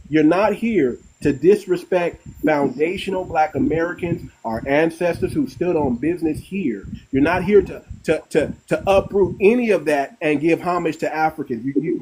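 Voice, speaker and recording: A man hosts a live audio-room debate and talks with heat. He drives his points by repeating phrases again and again. His voice sits a little high for a man. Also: a little hiss or hum, poor audio. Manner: forceful, repeats phrases for emphasis. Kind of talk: heated live-stream debate.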